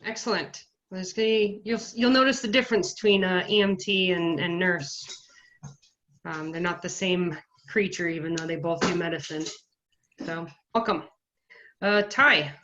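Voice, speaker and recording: A woman's voice: on the low side, normal speed, a bit bright, slight background noise. A woman instructor runs an online class over a video call, her audio slightly muffled and dull. She welcomes each student with a few brief words before calling on the next one. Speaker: course instructor.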